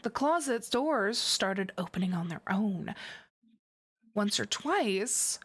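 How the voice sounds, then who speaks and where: A young woman hosting a casual chat, telling a ghost story in an animated way, swearing freely and laughing often. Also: medium pitch, takes it slowly, husky.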